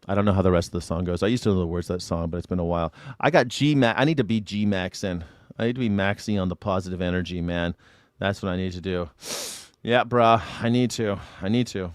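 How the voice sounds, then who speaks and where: A man's voice: on the low side, brisk, no room sound, clean studio sound. A man hosting a live news reaction stream, talking casually, joking and mocking, swearing freely. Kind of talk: casual livestream commentary.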